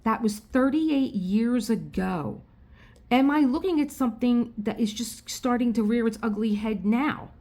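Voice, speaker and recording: Middle-aged woman vlogger, chatty and animated, retells conversations with lots of restarts. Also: fairly high pitch, unhurried. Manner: animated storytelling, quoting others, frequent restarts. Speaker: craft vlogger. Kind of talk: casual chat.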